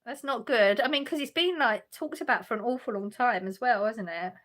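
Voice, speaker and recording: Speaking fairly quickly in a fairly high, slightly bright voice, a woman hosts a casual livestream from her sofa at home. She reads viewers' messages aloud and answers them, with lots of laughs and restarts.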